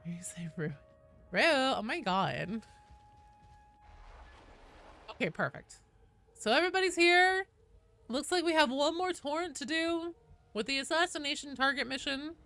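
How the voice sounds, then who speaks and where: Woman, game streamer, bright, lively pitch, casual, swears, thanks viewers. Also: normal speed, soft background music.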